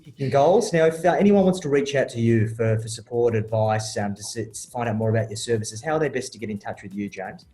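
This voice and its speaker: A man's voice: medium pitch, animated, fast talker, few pauses. An Australian man hosting a podcast, wrapping up an interview with praise and friendly sign-offs. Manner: warm praise, frequent "mate". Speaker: podcast host.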